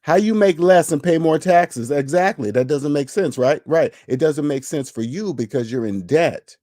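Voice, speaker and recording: A man's voice: fairly high pitch, normal speed, dark tone, no room sound, studio quality. A man hosting a money channel, lecturing in casual livestream commentary, emphatic and repetitive, answering viewer chat. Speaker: finance channel host.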